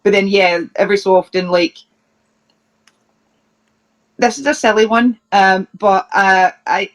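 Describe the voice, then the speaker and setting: Scottish woman, mid-pitched, chatty interview guest, laughs through her anecdotes. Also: a little slow. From Scotland. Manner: chatty, laughing, restarts and fillers while telling funny stories. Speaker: professional wrestler, interview guest. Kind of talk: casual anecdote telling.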